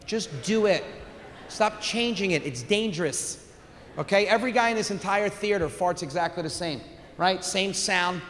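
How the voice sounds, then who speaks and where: A man in his forties doing a crude, animated stand-up comedy set on a theater stage, with shouted punchlines. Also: high voice, normal speed, a crowd in the background. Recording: live theater recording with long reverb.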